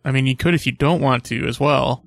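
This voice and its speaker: A man co-hosting a podcast in easygoing banter, his voice gravelly and fry-laden. His replies are dry and deadpan, close to the mic in a dead, dry room. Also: medium pitch, brisk, no echo. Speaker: podcast co-host.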